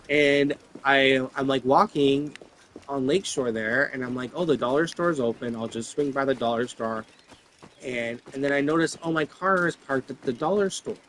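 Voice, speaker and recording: A man's voice: medium pitch, moderate pace, fairly bright tone, a little hiss or hum, rough recording. Rambling, profane man telling stories. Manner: rambling, filler-heavy, profane. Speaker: vlogger. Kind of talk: rambling personal monologue.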